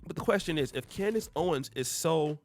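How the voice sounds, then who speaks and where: A man's voice: fairly high pitch, lively intonation, a little fast, faint music behind. A man hosting a reaction video, explaining clips in a conversational way. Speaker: host. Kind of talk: reaction commentary.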